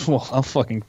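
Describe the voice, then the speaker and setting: A man's voice: medium pitch, dark tone, slightly rough. A young man hosting a podcast in casual chat, rambling and cursing with many restarts. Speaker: podcast host.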